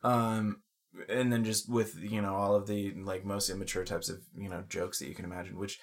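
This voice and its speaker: A man's voice: fairly low pitch, flat delivery, normal speed. A man in his thirties, co-hosting a casual podcast, rambling with many ums and restarts and casual swearing. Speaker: podcast co-host.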